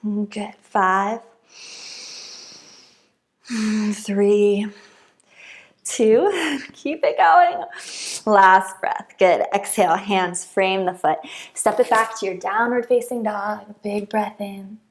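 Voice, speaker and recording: A woman teaching a yoga class, calmly giving breath-timed cues with soft hums and encouragement between them. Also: medium pitch, takes it slowly. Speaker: yoga instructor. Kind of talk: guided yoga class instruction.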